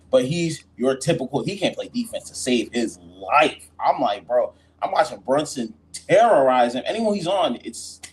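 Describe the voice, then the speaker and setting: A man's voice: medium pitch, poor audio. Slangy man with faint background hiss. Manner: blunt, slangy critique. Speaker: podcast host. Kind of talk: casual sports chat.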